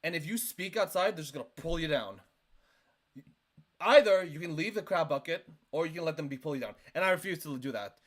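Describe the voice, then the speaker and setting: A male streamer doing reaction commentary into a desk microphone, talking in an animated, emphatic way with lots of "like". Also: on the high side, a little fast.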